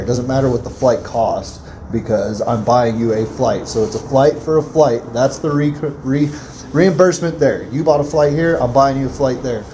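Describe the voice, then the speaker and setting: A man's voice: medium pitch, noisy background. A man delivering an angry, profane, confrontational rant at a friend.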